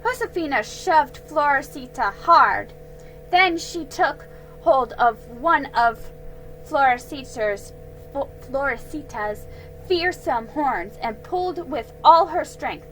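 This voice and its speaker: A woman reading a children's storybook aloud, slow and careful, with small slips she corrects. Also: sits high, animated, a bit bright, soft background music, low-quality recording.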